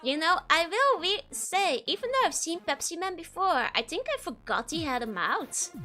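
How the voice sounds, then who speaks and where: A high, lively woman's voice with a bright, sharp edge, chatting through a game stream. She talks unhurriedly, greets viewers and laughs often between remarks. Soft music plays underneath. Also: normal speed. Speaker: VTuber streamer. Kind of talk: casual let's-play commentary.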